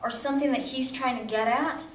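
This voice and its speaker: A woman dancer talks tentatively at a theatre rehearsal in a fairly high, flat voice. She sounds far away in a very echoey room with a faint hum. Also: a little fast. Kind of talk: rehearsal chat.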